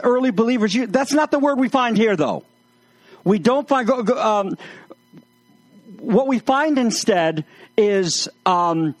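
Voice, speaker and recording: A man's voice: high voice, no room sound. A man preaching a sermon, mixing jokes and anecdotes into his teaching. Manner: humorous, anecdotal storytelling. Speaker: pastor.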